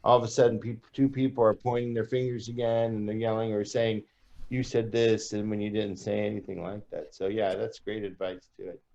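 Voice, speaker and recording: A man's voice: fairly low pitch, little pitch movement, fairly quick, a little mellow. An easygoing podcast co-host who muses aloud in long, loose sentences. His voice sits mid-range, and the recording sounds a little dull. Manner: reflective, easygoing, rambling. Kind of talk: casual chat.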